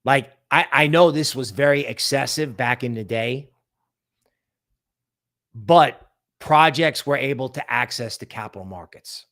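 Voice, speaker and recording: A mid-range male voice runs a crypto livestream at a measured pace, lively and offhand. He's sarcastic throughout, parroting people's fears back in mocking quoted voices.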